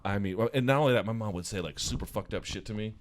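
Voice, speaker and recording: A man co-hosting a podcast in casual chat, telling stories in an animated, profane way from a hotel room. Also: on the low side, fast, a little hiss or hum. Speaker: podcast co-host.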